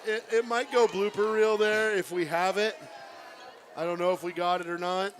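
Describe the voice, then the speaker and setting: Excitable man calling volleyball. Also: sits high, normal speed, a crowd in the background. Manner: excitable, exclaims "ooh" at big plays. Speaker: play-by-play commentator. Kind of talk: live volleyball commentary. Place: school gymnasium.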